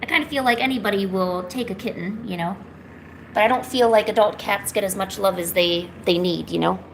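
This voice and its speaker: A woman's voice: mid-range voice, fairly quick, gravelly, slight background noise. A woman live-streaming from home, chatting casually with viewers and cooing baby talk to her cat. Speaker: art streamer.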